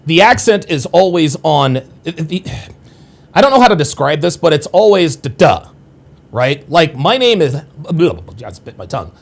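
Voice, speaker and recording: Profane rambling man in his forties, lively pitch. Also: moderate pace, gravelly. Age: 40s. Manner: rambling, repetitive, crude and profane; addresses viewers directly. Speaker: livestream host. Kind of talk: casual livestream commentary.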